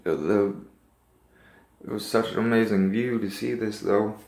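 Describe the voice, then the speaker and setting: A man with a fairly low voice recounts a dream in an earnest, rambling way, circling back with likes and restarts. The sound is roomy, with echo off the walls. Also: fairly even intonation, a little slow, vocal fry, darkish tone. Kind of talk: casual personal storytelling.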